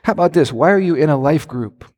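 A man preaching a sermon as a pastor, animated, with sudden shouts and playful impressions. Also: on the high side, fast talker. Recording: long church hall reverb.

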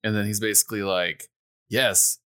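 A man's voice: fairly low pitch, big pitch swings, normal speed, a bit bright, no echo, studio quality. A man co-hosting a podcast, chiming in with short jokes and quips during a casual chat. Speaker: podcast co-host.

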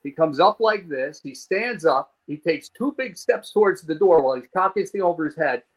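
A man from New Jersey tells a story as a podcast guest, swearing often and acting out what happened. His voice sits a little higher than most men's. He is animated and comic throughout. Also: brisk, poor audio. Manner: animated, swearing, acts out scenes.

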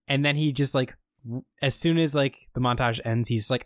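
A man's voice: medium pitch, steady tone, a little fast, no echo. A man casually recaps a show episode, rambling through the plot with frequent fillers. His voice sits in a plain middle register and sounds dry and close, with no room around it. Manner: rambling storytelling with many fillers. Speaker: podcast co-host recapping a show.

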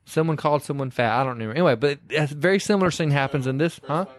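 A man's voice: a little high, racing, dry recording, clean studio sound. A man, co-hosting a podcast and recapping a movie in a casual, storytelling way. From Southern US. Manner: animated storyteller who slips into quoted voices. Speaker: podcast co-host.

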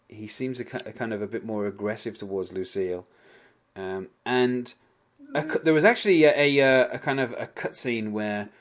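A man hosting a casual podcast chat, rambling and hedging a lot, often breaking into small laughs. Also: medium pitch.

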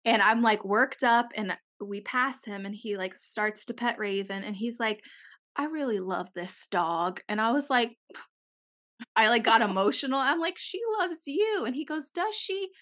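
A young woman co-hosting a podcast, telling a story in an animated way, swearing freely and acting out what people said. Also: medium pitch, moderate pace. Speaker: podcast co-host. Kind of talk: casual chat.

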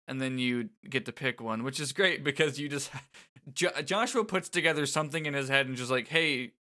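A man co-hosting a game playthrough, chatting casually, lively and quick to laugh. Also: medium pitch. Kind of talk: casual chat while reading game dialogue.

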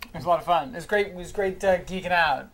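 A man guest co-hosting a podcast, chatting casually and throwing in quick jokes. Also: sits high. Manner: quick joking interjections. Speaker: guest co-host. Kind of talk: casual chat. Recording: loud crowd chatter behind.

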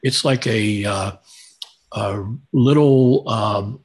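A man's voice: fairly low pitch, drawn-out words, breathy edge. An older man answering listener questions as a guest, chatting in a friendly way and chuckling as he explains. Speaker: guest bird recordist. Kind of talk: conversational Q&A.

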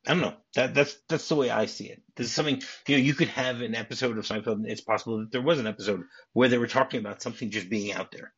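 A man's voice: mid-range voice, very fast, few pauses, a bit bright, slightly rough, dull audio. A man hosting a podcast, casually retelling movie scenes with many restarts and acted-out lines. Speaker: podcast host.

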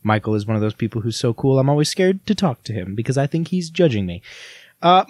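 A man's voice: mid-range voice, very animated, quick pace, a little mellow, dry recording. A young man co-hosting a podcast in casual chat, rambling and self-deprecating. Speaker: podcast co-host.

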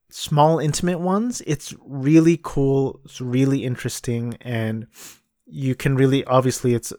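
A man's voice: mid-range voice, darkish tone, no echo, studio quality. A man casually reviewing movies and plays on his own show, blunt and exasperated, repeating himself for emphasis. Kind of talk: casual solo review talk.

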